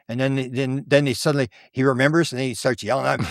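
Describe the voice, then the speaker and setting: A man's voice: mid-range voice, fast, creaky, no room sound, studio quality. An older man, a guest researcher, telling stories in a casual chat and acting out the people he quotes. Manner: animated, acts out the voices in his stories. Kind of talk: casual conversational storytelling.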